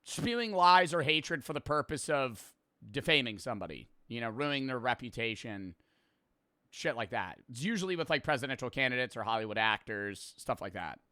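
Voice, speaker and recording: Young male streamer, slangy and profane, bright crisp voice, dry close sound. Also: mid-range voice, lively intonation, normal speed, no echo. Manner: profane, slangy, laughing asides. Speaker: streamer reacting to a video. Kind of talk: casual reaction commentary.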